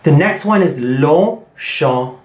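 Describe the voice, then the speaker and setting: A man teaching an online language lesson, repeating example words slowly and clearly for learners. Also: mid-range voice, roomy sound. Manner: slow, drawn-out repetition of example words. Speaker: French pronunciation teacher.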